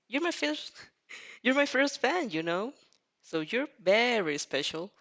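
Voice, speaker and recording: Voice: medium pitch, big pitch swings, moderate pace, gravelly, a bit bright. Reader voicing a cocky teasing young hero. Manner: playful, bantering, laughing through lines. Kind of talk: fanfic read aloud.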